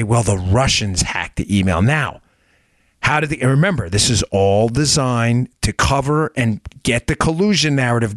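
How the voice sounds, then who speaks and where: A man's voice: medium pitch, fairly bright tone, no room sound, clean studio sound. A man hosting a political podcast, talking emphatically and sarcastically, firing rhetorical questions at his listeners. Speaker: podcast host. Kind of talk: political commentary monologue.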